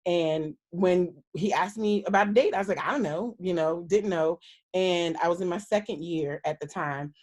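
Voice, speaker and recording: A woman's voice: on the low side, moderate pace, a little mellow. Candid woman telling a personal story. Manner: candid, earnest storytelling, acting out quoted lines. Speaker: guest, minister.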